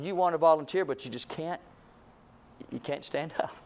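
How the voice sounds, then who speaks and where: A man preaching a revival sermon, repeating phrases and swinging from booming calls to hushed, low lines. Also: normal speed.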